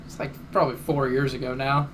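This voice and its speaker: A man's voice: mid-range voice, flat delivery, a little fast, a bit bright, a little hiss or hum. A young man co-hosting a podcast, adding laid-back, laughing asides and some swearing in casual chat. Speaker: podcast co-host.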